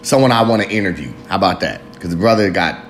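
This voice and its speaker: A man in his thirties talks through a raw solo confession, rambling, cursing freely and laughing at himself. His pitch swings widely as he goes. The voice rings in a roomy, echoey space over a faint low rumble. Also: expressive, fast. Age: 30s. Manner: rambling, profane, self-mocking, laughs often. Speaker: podcast host. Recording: roomy echo.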